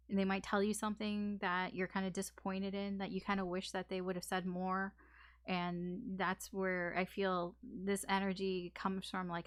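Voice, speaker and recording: A woman's voice: mid-range voice, no room sound, clean studio sound. A woman giving a casual tarot reading, talking frankly with fillers and swearing. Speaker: tarot reader.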